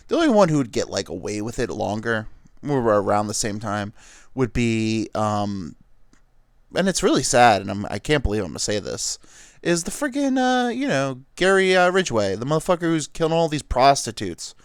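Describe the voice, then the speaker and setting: Crude guy rambling on his comedy podcast, gravelly and dry, lots of likes and you knows. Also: medium pitch, very animated, normal speed, no room sound. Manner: rambling, profane, lots of filler words.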